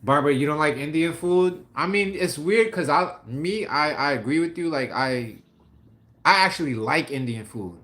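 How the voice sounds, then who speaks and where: A man from New York City with a New York accent, hosting a casual livestream and chatting with viewers in lively slang. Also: on the high side, moderate pace. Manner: animated, slangy, laughs often, talks to viewers by name. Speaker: livestream host. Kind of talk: casual live chat reading comments.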